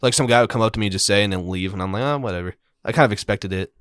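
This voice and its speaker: A man's voice: on the low side, racing, no room sound. A man co-hosting a podcast, telling stories in casual chat and acting out the quoted exchanges. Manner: animated storytelling, acts out quoted exchanges. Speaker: podcast co-host.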